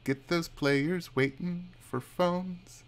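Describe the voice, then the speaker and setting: A man's voice: a little high, steady tone, slow pace. A man casually commenting while he plays a co-op video game with a friend, chatty and cursing now and then. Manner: chatty, swears, reads on-screen dialogue aloud with laughs. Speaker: streamer playing a co-op game.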